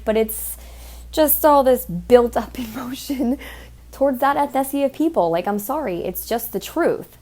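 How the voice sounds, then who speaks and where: A podcast host tells a story in a casual monologue, blunt and profane, growing heated and mimicking other people. Her voice is on the high side with a darkish tone, at normal speed.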